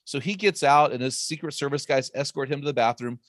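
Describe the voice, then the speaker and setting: A man talks as a podcast guest in an energetic, emphatic way, hammering points home with repeated phrases. His voice sits at an ordinary middle pitch. The sound is dry and close, with no room around it. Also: a little fast, dry recording. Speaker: guest author and speaker. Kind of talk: emphatic faith-based storytelling.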